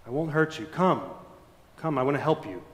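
A man voicing a kind old man who is secretly a king, speaking softly and reassuringly. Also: animated, normal speed, lightly acted. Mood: tender. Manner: soft, low, reassuring. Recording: echoey church hall.

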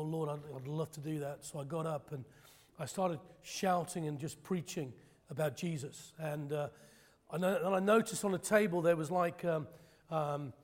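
A man with a fairly high voice preaches a sermon that shifts from prayer into his personal testimony. He's impassioned and emphatic, peppering it with self-deprecating jokes and joking asides, and the recording has a long reverb tail.

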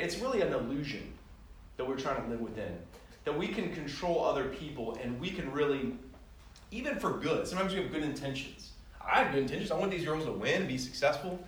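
Preaching in an echoey room picked up from afar, a pastor weaves personal stories into a conversational sermon. His voice sits on the high side and moves a little fast, self-deprecating and lively when storytelling, with slight background noise.

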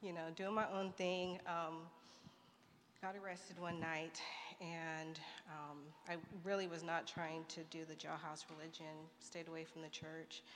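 A woman's voice: low voice, little pitch movement, a little slow, fairly bright tone. A woman sharing her personal testimony at church, speaking with many fillers and light nervous laughs. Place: church sanctuary. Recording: echoey church hall with faint noise.

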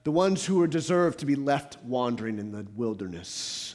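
A man preaching a sermon as a pastor, building to fervent emphasis and then dropping to hushed, quiet passages. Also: medium pitch, expressive, normal speed, few pauses. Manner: rises to fervent emphasis, drops to hushed tones.

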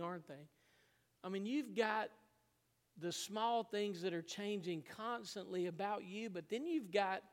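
Pastor guy, kinda high voice, telling a story in a big echoey church hall. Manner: storytelling, emotional, laughs often. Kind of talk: sermon.

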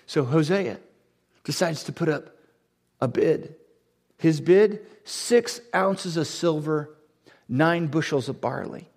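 A man preaching a sermon to a congregation, building to loud, emphatic, repeated lines. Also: a little high, takes it slowly, pauses often. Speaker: pastor.

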